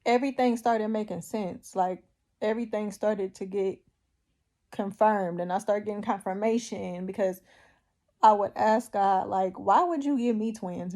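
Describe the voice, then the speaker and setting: A woman giving a personal faith testimony, emotional and tearful, speaking haltingly with long pauses. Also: mid-range voice, a little mellow.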